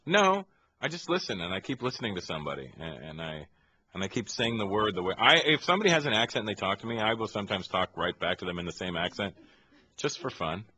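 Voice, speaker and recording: Male comic guest, lively and chatty, low-pitched with a bright edge, studio interview. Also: quick pace, slight background noise. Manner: animated, laughing, mimics accents. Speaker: comedian guest. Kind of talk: casual radio interview. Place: radio studio.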